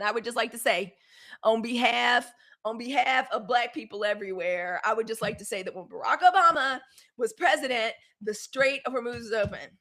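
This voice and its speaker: Chatty fifty-something Southern woman hosting a live stream. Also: fairly high pitch. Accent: Southern US, Mississippi. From Mississippi, US. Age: 50s. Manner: chatty, animated, talks straight to her viewers. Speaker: live news show host. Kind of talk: casual live-stream news chat.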